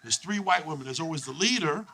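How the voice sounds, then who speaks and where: A brash young man from Canada works a comedy stage, swearing freely and telling stories with animated energy. His voice sits fairly high for a man. The recording is noisy, taken live from a stage. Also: fast. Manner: brash, profane, animated storytelling. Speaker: stand-up comedian. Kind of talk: stand-up comedy set.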